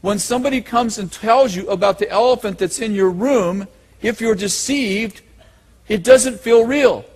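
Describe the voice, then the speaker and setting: High, husky man preaching to a crowd. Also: normal speed. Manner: emphatic, repeats key lines, asks audience questions. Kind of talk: sermon.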